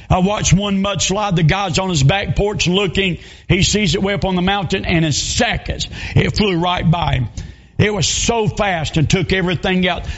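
High-voiced Southern preacher man. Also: dull audio. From North Carolina. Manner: emotional, rising to shouts in retold scenes. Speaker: revival preacher. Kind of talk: sermon storytelling.

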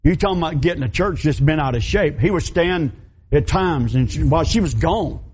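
A man's voice: on the high side, lively intonation, fairly quick, a little mellow, slightly rough. A middle-aged man, a pastor preaching and telling a story in folksy, emphatic, repeating phrases. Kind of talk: sermon storytelling. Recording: dull lo-fi recording.

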